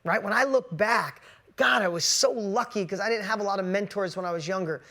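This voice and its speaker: A man's voice: high voice, brisk, sharp tone. Emphatic male motivational coach. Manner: emphatic, repetitive, self-interrupting. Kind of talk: motivational talk to a live online audience.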